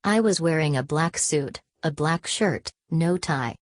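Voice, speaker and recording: Woman reading a novel aloud, low voice, steady, dry close sound. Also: measured pace, no room sound. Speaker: audiobook narrator. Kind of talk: scripted narration.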